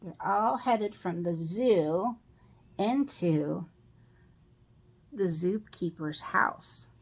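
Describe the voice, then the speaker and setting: A middle-aged woman reading a picture book aloud to children, pausing to ask them questions about the pictures. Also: fairly low pitch, lively intonation, breathy edge. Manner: slow, asks children questions.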